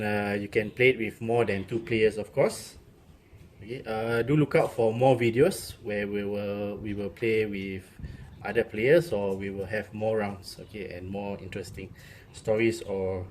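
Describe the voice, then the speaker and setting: A man's voice: fairly low pitch, steady tone, measured pace, a little mellow, slight background noise. A man demonstrating a word game casually, saying okay often and counting points aloud.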